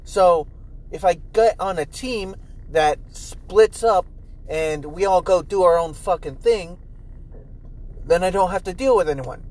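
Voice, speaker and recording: High-voiced profane young man ranting in a car. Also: a little slow, poor audio. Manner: animated, profane, jumps into loud high mimicry. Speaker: podcast host. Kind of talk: casual solo podcast rant. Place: inside a car.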